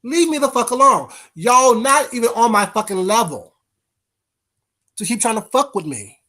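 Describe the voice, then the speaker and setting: A man's voice: extremely high pitch, expressive, normal speed, pushed and bright. A man hosting a casual livestream, bluntly cussing out trolls and greeting viewers in the chat by name. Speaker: livestream host.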